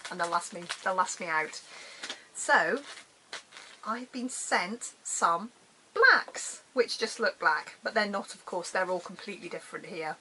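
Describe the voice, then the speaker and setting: A woman's voice: on the low side, expressive, a little slow, pushed and bright, slight background noise, poor audio. A middle-aged woman from the UK chatting casually about her crafts, self-deprecating and prone to trailing off and restarting. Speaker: crafting vlogger. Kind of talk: casual chat showing crafts.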